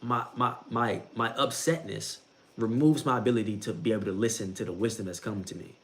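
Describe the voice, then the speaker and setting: A man's voice: lowish voice, brisk. A young man giving a casual talk about faith, repeating himself a lot and calling the listener bro. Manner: repetitive, conversational, says bro a lot, laughs at own jokes. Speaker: bible reading streamer.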